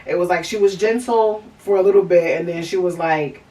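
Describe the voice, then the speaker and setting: A woman's voice: fairly low pitch, fairly quick, dark tone, distant mic, rough recording. A woman hosting a podcast, telling a candid personal story in a rambling way, with lots of fillers and restarts. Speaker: podcast host.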